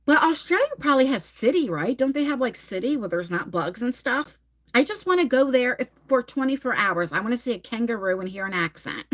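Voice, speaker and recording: A woman in her forties chatting candidly with viewers, laughing often and rushing through some phrases. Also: fairly high pitch, big pitch swings. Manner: chatty and candid, laughing, bursts of fast talk. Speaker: vlogger answering viewer questions. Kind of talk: casual chat.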